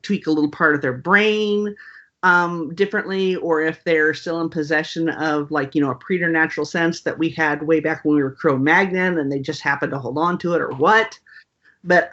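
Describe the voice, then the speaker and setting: A woman guest on an interview, talking casually and wryly with lots of "um" and "you know". Her voice is bright and sharp. The recording sounds dull and lo-fi. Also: deep voice. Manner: animated, wry, lots of fillers. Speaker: author guest.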